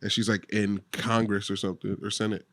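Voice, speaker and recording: Low-voiced man chiming in offhandedly. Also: little pitch movement, brisk, a bit bright, dry recording, studio quality. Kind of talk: casual chat.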